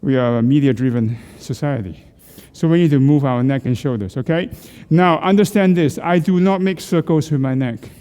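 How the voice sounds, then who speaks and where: A man's voice: mid-range voice, normal speed, hardly any pauses, mellow, long reverb tail. A middle-aged man leading a group through neck exercises. He coaches, asks questions and jokes with the class. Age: middle-aged or older. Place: church hall.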